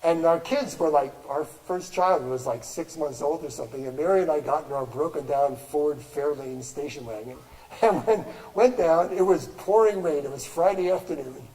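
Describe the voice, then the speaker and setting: A man's voice: fairly high pitch, normal speed, mellow, in a large hall, poor audio. An older man giving a talk to an audience at a gallery, telling stories in a rambling way with many restarts and fillers and frequent laughs.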